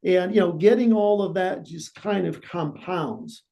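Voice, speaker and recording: A man hosting a podcast interview, explaining things in a steady way with lots of "you know". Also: high voice, a little slow, gravelly. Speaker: podcast host.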